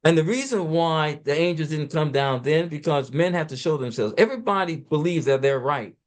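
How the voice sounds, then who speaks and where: A man speaking as an interview guest, explaining scripture in a preacherly, emphatic way and talking fast at times. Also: a little high. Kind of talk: conversational scripture discussion.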